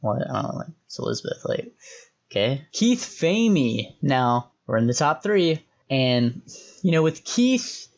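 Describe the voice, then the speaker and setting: Young man, casual commentary, opinionated, slangy, mid-pitched voice. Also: sing-song, a little slow, gravelly, muffled recording. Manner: chatty and opinionated, loose slangy asides. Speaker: host reviewing reality show contestants.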